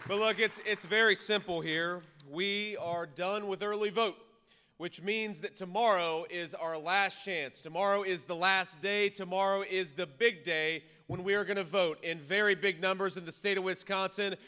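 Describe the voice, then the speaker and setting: A man giving a campaign rally speech into a podium microphone, talking conversationally with restarts and repeated words and rising to loud punchy lines. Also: high-pitched, steady tone, moderate pace, clean tone. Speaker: political candidate addressing a rally. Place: large reverberant rally venue. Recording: long reverb of a rally hall, faint ambient noise.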